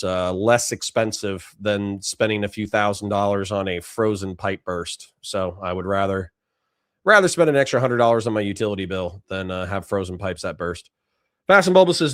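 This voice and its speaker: A man's voice: fairly low pitch, moderate pace, smooth, no room sound, clean studio sound. A tired man hosting a casual livestream, reading chat messages and rambling candidly with lots of fillers and restarts. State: tired, yawning. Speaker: streamer host reading chat.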